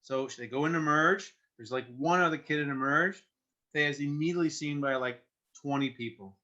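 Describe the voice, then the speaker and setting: A middle-aged man, telling a personal story as a guest in earnest, halting conversation with restarts. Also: on the high side, bright, forceful tone. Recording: muffled lo-fi sound.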